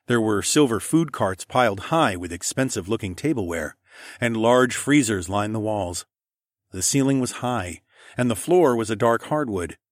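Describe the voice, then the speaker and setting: A man narrating a first-person audiobook in a steady, measured way. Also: on the low side, no room sound, studio quality.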